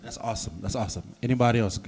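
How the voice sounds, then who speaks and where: A man moderates a church panel discussion at an ordinary, middle pitch. He keeps things moving by affirming answers with repeated short phrases and inviting the next speaker in. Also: rapid-fire, a little mellow.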